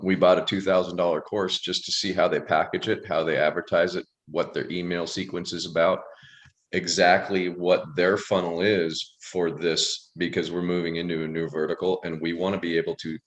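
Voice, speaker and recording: Casting: deep-voiced male co-coach, measured and explanatory, on a video call. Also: fairly bright tone. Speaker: co-coach and guest. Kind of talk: conversational business talk.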